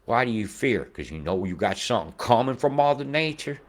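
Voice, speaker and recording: A man in his forties giving rambling weather commentary over maps, who swears freely and swings from mumbling asides to loud outbursts. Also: mid-range voice, sing-song, brisk. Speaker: weather video host.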